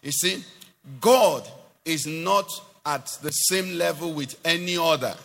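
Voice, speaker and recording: A man's voice: a little high, slow pace, vocal fry, a bit bright. Man preaching emphatically in a reverberant hall. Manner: call-and-response, rising to emphatic declarations. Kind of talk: sermon.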